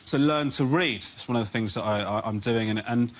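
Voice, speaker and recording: A man's voice: medium pitch, fairly quick. A man doing comedy on a panel show, ranting and exasperated. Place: TV studio before a live audience.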